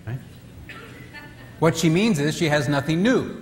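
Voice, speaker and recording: Faint music sits behind a slightly high, animated male voice that runs a little slow. At a retreat, he delivers a funny marriage talk, impersonating husbands and wives loudly, with the sound distant and reverberant in a hall carrying faint ambience.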